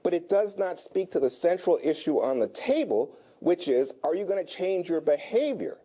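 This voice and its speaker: A man's voice: high-pitched, expressive, moderate pace, warm tone. A man arguing his case on a televised political panel, pushing back with emphatic points. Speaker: political commentator. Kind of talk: broadcast panel discussion.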